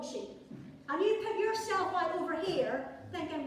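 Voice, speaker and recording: A woman with a high voice preaches a sermon in a church, her tone conversational and sprinkled with playful asides. She sounds picked up from a distance, with strong reverb in the room and a faint hum of ambience. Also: animated, measured pace. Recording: echoey church hall from far off.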